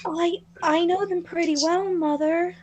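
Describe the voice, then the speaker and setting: A woman's voice: very high voice, fairly even intonation, measured pace, darkish tone, slight background noise. A woman playing a nervous, stammering young actress. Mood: hesitant. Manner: hesitant and stammering, politely deferential. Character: timid grown daughter, a nervous young actress. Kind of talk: improvised tabletop role-play.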